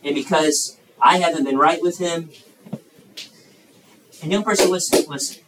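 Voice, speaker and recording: A man in his thirties preaching a sermon to young people, swinging between loud emphatic bursts and hushed asides. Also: a little high, moderate pace, distant mic, background noise.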